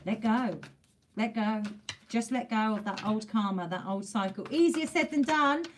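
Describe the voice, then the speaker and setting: A woman's voice: fairly high pitch, moderate pace, slight background noise. A woman giving a casual tarot reading to camera, chatty and emphatic, repeating phrases for emphasis and swearing mildly. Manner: informal, with mild swearing. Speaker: tarot reader.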